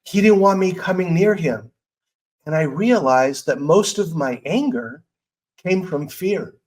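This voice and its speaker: On a poorly recorded personal growth podcast, a middle-aged host speaks in a somewhat high, darkish voice that is expressive and unhurried. His motivational talk is candid and earnest, loosely conversational, with little self-talk asides along the way.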